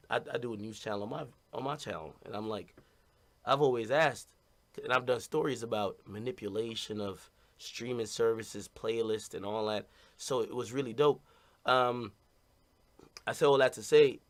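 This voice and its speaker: A man talking casually and bluntly to his stream audience, rambling and repeating "you know what I mean". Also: medium pitch.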